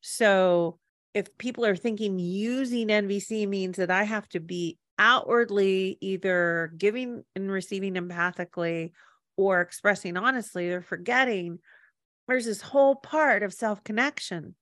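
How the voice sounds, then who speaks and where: A woman co-host of a podcast, steady middle pitch and supportive in tone. She lays out ideas conversationally, and her voice sounds dry and close with no room echo. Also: unhurried. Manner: supportive, explains ideas, acts out her own inner voice. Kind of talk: reflective conversational chat.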